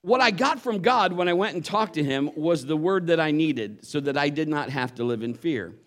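A man delivering a sermon in a storytelling way. His voice sits a bit high for a man, and he slips in and out of the voices of the people in his story. He moves between relaxed asides and scripture. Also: moderate pace. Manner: animated storyteller acting out voices. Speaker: pastor.

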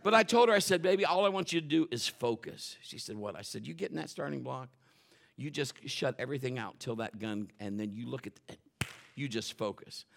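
A middle-aged male pastor preaching a sermon, telling family stories in an animated way and acting out the voices of the people in them. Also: medium pitch, a little fast, gravelly. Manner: animated storytelling, acts out quotes and shouts for effect.

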